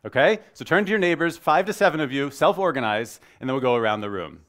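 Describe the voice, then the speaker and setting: A man in his thirties giving a conference talk, energetic and joking, opening with a story. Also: mid-range voice, quick pace. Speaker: conference speaker.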